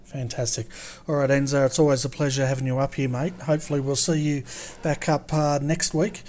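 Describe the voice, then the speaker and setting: A man co-hosting a sim racing broadcast, relaxed and friendly. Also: medium pitch, fairly quick. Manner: relaxed, friendly, says fantastic and mate. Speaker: broadcast co-host.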